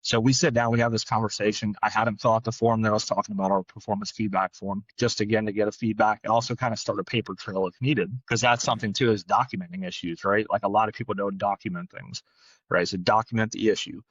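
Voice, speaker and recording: A man's voice: on the low side, steady tone, dry recording, lo-fi sound. A man co-hosting a podcast, telling a work story in a blunt, casual way, often tagging lines with "right?" and swearing now and then. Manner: fast, blunt, peppered with "right?". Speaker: podcast co-host, dog trainer.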